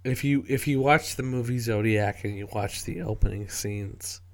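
A man's voice: fairly low pitch, moderate pace, creaky. A man talking casually about a music track, rambling and profane, with frequent restarts and swearing. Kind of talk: casual spoken commentary.

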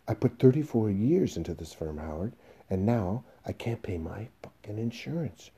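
Man voicing a worn-out pleading salesman, husky, very dark low voice. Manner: pleading, emotional, rising to shouts. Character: aging, desperate male salesman pleading for his job.

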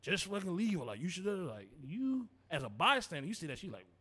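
Animated, profane man in casual chat. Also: a little high, fairly quick, husky. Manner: loose, profane, animated storytelling with acted quotes. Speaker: podcast co-host. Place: studio.

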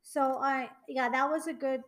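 A woman's voice: sits high, steady tone, moderate pace, low-quality recording. A young woman co-hosting a podcast in a casual chat, rambling with lots of fillers and restarts. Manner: chatty, many fillers and trailing restarts. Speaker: podcast co-host.

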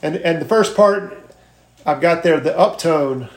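A man sharing sales tips on a group video call, earnest and halting as he reads from his notes. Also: fairly high pitch, echoey room.

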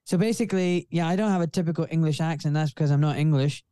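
Man, refined Scottish accent, forties, earnest interview guest, smooth tone. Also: on the high side, fast talker, dark tone, dry recording. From Scotland. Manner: earnest, outspoken, frequent "you know". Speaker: guest, surgeon. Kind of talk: casual interview conversation.

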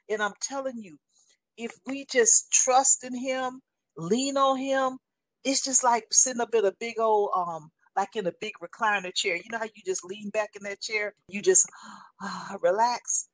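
Woman in her 60s telling her testimony, animated, keeps saying honey, kinda high voice, dry close sound. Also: unhurried, no room sound. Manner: animated and emphatic, calls the listener honey. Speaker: guest sharing a faith testimony. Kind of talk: casual spoken testimony.

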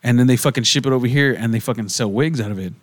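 A man on a casual podcast, rambling and ribbing his co-host with constant curse words. His voice sits at an average pitch, recorded dry and close with no room sound. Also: racing, dry recording. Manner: profane, teasing, rambling.

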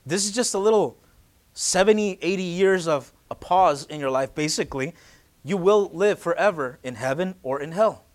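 A man in his late twenties, a pastor, preaching a casual, joking sermon that swells into loud, urgent emphasis. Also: on the high side, animated, moderate pace. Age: late 20s.

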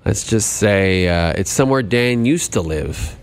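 There's slight background noise as a lowish-voiced man co-hosts a podcast, animated but unhurried. He laughs a lot while joking and teasing in a relaxed, comedic conversation.

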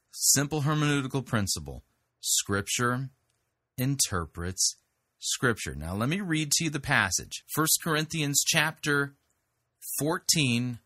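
A man's voice: mid-range voice, pushed and bright, breathy edge, no echo, clean studio sound. A man hosting a commentary show, rebutting clips emphatically and indignantly, with frequent restarts. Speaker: podcast host rebutting a preacher. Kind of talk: critical commentary on played clips.

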